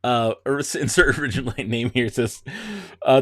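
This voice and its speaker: A man's voice: mid-range voice, fairly even intonation, normal speed, a bit bright, no room sound, clean studio sound. Giggly man rambling on a livestream. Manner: giggly, rambling, restarts a lot. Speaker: livestream host. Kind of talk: casual live-stream chat.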